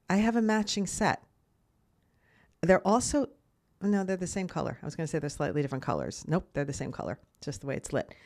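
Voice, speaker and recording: Low-voiced woman rambling through a podcast. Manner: rambling storyteller who restarts and corrects herself. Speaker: podcast host. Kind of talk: casual solo podcast monologue.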